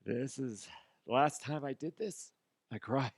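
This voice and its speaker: A man's voice: mid-range voice, a little slow, no room sound, voice pushed up. A man putting on the voice of a self-pitying male CEO rehearsing a tearful speech, whiny and theatrical. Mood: whiny, flustered.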